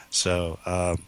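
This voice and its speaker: A man's voice: low voice, smooth. A man, a podcast guest, speaking hesitantly with many fillers and restarts. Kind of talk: casual chat.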